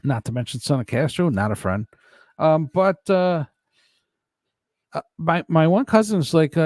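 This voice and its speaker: A man's voice: on the high side, expressive, moderate pace, a little mellow, no room sound, clean studio sound. A man hosting a casual livestream, rambling and joking as he reads viewer comments. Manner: rambling, joking, laughs often. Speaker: livestream host reading chat. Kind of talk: casual chat.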